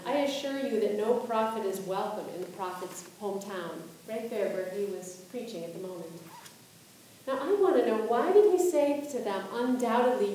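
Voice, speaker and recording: A woman's voice: medium pitch, warm tone, slight background noise. A woman pastor giving a sermon, asking reflective questions and reading scripture aloud. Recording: echoey room, voice from a distance.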